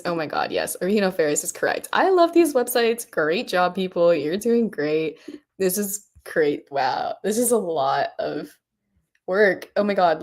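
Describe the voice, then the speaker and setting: A woman with a voice on the low side hosts a coding workshop on a livestream. She chats casually and gushes over what she sees, giggling a lot and saying "oh my God."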